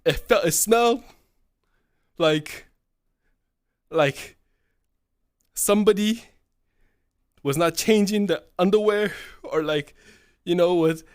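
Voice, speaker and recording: A man's voice: sits high, slow pace, pauses often, clear, resonant tone, no room sound, studio quality. A young man in his twenties telling a long profane story to his chat. He rambles, swears constantly and tacks "right?" onto nearly every phrase. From California. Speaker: streamer.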